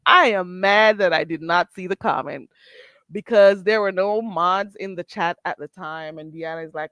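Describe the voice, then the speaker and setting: A woman's voice: mid-range voice, lively intonation, a little slow, no echo. A woman hosting a casual livestream, recapping drama with blunt, profane commentary and frequent laughter at her own story. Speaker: livestream host.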